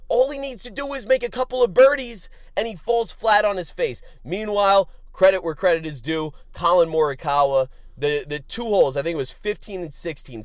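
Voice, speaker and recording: A man hosting a sports betting podcast, crude and joking, swinging from loud outbursts to low mutters. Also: dry recording, clean studio sound. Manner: animated, swings from shouting to muttering. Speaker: podcast host.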